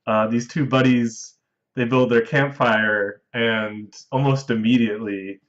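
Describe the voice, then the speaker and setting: A man's voice: medium pitch, steady tone, measured pace, fairly bright tone, muffled recording. A man hosting a podcast, casually recapping a movie's plot at length with the odd chuckle. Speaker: podcast host recapping a film. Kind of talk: casual chat.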